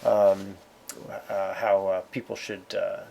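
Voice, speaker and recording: A man's voice: sits low, level tone, slow, gravelly, mellow, slight background noise, exaggerated voice. A man voicing a friendly but evasive male dragon who hedges and stalls with many fillers. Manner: hesitant, sly, stalling.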